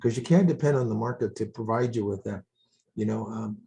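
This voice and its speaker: An older man co-hosting a casual market chat, giving measured, cautionary advice. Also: lowish voice, gravelly, warm tone. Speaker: co-host.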